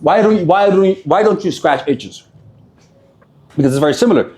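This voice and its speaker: A man's voice: high-pitched, animated, brisk, darkish tone, slight background noise. A man giving a casual motivational talk on meditation and reacting, blunt and profane, repeating phrases for emphasis. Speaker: self-help speaker.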